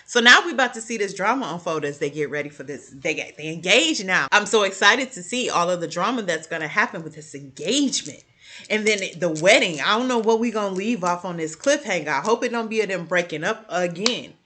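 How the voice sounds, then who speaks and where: Animated woman with a bright voice. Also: fairly quick. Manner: animated, talks straight to her viewers; jumps high in pitch when reacting. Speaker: TV show reviewer. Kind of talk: casual episode recap.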